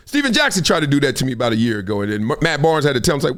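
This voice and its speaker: A middle-aged man hosting his own show, chatting casually in slangy, animated talk with frequent laughs. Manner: animated, slangy, laughs often, quick jumps in pitch. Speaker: show host. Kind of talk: casual chat.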